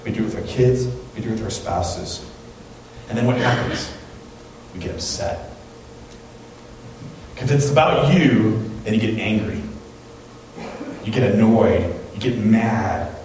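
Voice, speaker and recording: A man preaching a sermon in a church, talking in a conversational, animated way and acting out the people in his stories. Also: fairly low pitch, a little slow, pauses often, distant mic, a little hiss or hum. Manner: conversational, animated storytelling with quoted voices. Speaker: pastor. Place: church sanctuary. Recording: very echoey hall, voice from off-mic.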